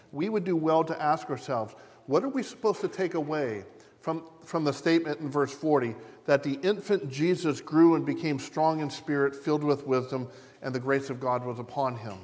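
A pastor giving a measured, deliberate sermon, repeating key phrases for emphasis. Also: male voice, fairly high pitch, long reverb tail. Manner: measured, deliberate preaching with repetition.

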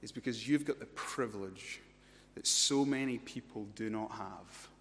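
A man's voice: lowish voice, a little slow, a bit bright. Man preaching in an echoing church. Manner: rhetorical questions, emphatic repetition. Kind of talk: expository sermon. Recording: reverberant church hall.

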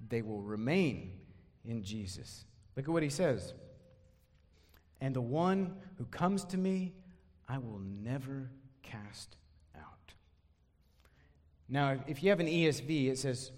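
A man's voice: on the high side, long reverb tail. A man preaching an expository sermon, emphatic, often repeating words as he drives a point home.

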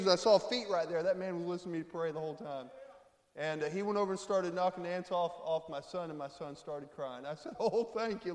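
A man from Florida preaching an emotional testimony sermon as guest preacher, dropping to a hush and rising to loud cries. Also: sits high. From Florida, USA. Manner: emotional, swings from hushed to loud exclaiming. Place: church sanctuary. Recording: echoey church hall, long reverb.

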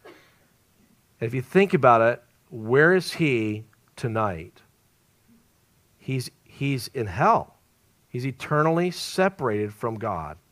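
A man preaching an evangelistic sermon at a church service, swinging between loud emphasis and hushed, near-whispered lines. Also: mid-range voice, big pitch swings, slow, long pauses.

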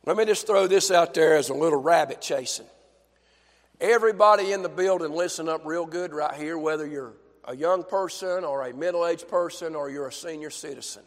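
A male preacher delivering a fervent sermon in a church, dropping to a hush and then building to shouts with repeated phrases. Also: fairly high pitch, moderate pace, long reverb tail.

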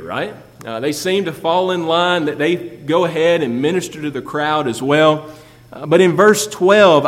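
A male pastor delivers a sermon with a slightly raised pitch, pressing his points with rhetorical questions. His voice rings out in a church sanctuary with a long hall reverb. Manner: preaching with rising emphasis and rhetorical questions.

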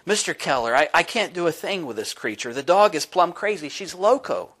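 A man's voice: fairly high pitch, animated, fairly quick, fairly bright tone, pitched above the performer's own voice. A man putting on a frantic woman dog owner. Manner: frantic, pleading.

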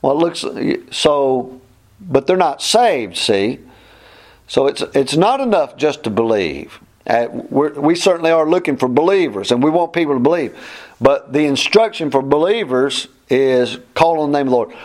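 A man's voice: on the high side, expressive, normal speed, darkish tone. Emphatic plainspoken male Bible teacher. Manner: plainspoken, emphatic, repeats phrases. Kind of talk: verse-by-verse Bible class.

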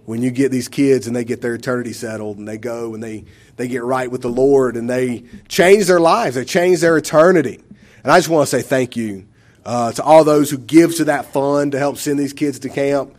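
A man tells a church testimony, his voice at a middle pitch. He rambles with many fillers, and his speech is emotional. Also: moderate pace, darkish tone. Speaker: church member giving a testimony.

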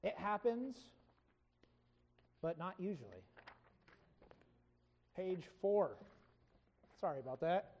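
A Bible study teacher walks through a scripture passage in a relaxed, conversational way. The speaker often stops to correct themself and retells the story in plain everyday words, at a mid pitch. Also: slow pace, long pauses, dull audio. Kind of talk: informal Bible lesson.

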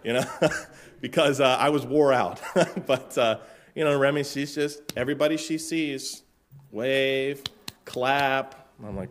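A man from Florida, a pastor in middle age, opens his sermon with a relaxed, chatty story. His voice is mid-range and easygoing, with dry asides and plenty of filler words. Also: medium pitch, slow. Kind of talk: casual sermon-opening story.

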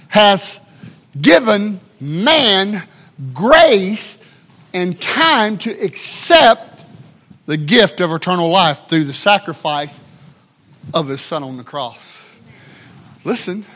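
A man preaching a sermon, swinging between shouted emphasis and hushed, drawn-out passages. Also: high voice, big pitch swings.

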